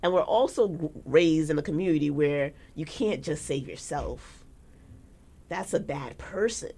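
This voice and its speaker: A woman's voice: low voice, measured pace, husky. A woman, hosting a casual podcast and telling stories, acting out the people she quotes. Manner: animated storytelling, acting out quotes. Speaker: podcast host.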